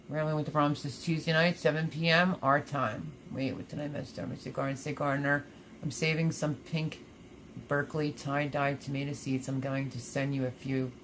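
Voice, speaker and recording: A woman's voice: extremely low pitch, slight background noise. A woman hosting a casual gardening livestream, chatting and reading viewer comments aloud, laughing often. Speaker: livestream host.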